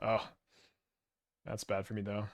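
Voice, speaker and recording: This gameplay commentator has a lowish, monotone voice and an unhurried pace, along with a Canadian accent. He gives relaxed, rambling commentary, thinking aloud and restarting hesitantly.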